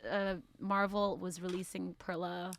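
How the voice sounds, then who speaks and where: A woman's voice: fairly low pitch, flat delivery, unhurried, creaky. A woman guesting on a casual podcast as a comic book writer, chatty and playful, laughing easily.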